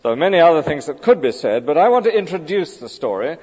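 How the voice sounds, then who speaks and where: A man's voice: fairly high pitch, sing-song, quick pace, a little mellow, slightly rough. A man preaching a conversational sermon with hesitant fillers. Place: church. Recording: dull lo-fi church recording with long reverb.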